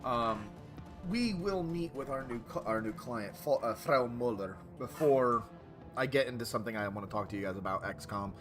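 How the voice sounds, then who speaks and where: A man's voice: medium pitch, moderate pace, music in the background. A man streaming a game, chatting casually with his viewers, correcting himself and reacting to their comments.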